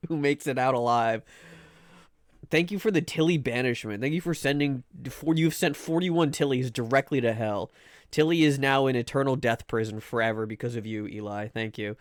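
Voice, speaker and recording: A man's voice: medium pitch, smooth, dry recording, clean studio sound. A man chatting casually on a live stream, rambling and playful, often stammering and restarting his sentences.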